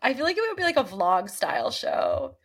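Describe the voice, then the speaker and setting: A woman's voice: fairly high pitch, very animated, brisk, vocal fry, husky. A woman co-hosting a podcast, chatting casually and animatedly acting out characters' lines as she recaps an episode. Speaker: podcast co-host.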